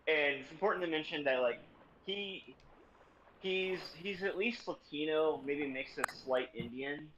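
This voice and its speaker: A young man streaming, telling a story in a casual, sarcastic and profane way, speeding up in quick bursts. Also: a little high, fairly bright tone, muffled recording.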